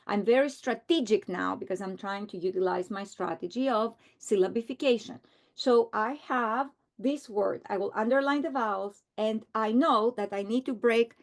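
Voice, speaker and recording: A middle-aged woman teacher modeling a reading strategy aloud, slow and deliberate, repeating words for emphasis. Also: fairly high pitch.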